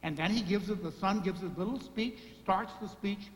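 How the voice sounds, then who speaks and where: High-voiced man preaching in echoey church. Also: moderate pace, a little hiss or hum. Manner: repetitive emphatic lists and rhetorical questions. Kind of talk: sermon. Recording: echoey hall reverb, faint ambience.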